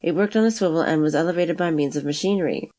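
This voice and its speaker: A woman narrating a classic adventure novel aloud in a steady, even reading. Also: low-pitched, fast talker. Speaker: audiobook narrator.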